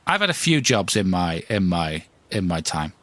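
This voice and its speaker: Lively, ranting man. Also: sits low, normal speed, dry recording. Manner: ranting, self-mocking, lively. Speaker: podcast host. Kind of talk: comedic monologue.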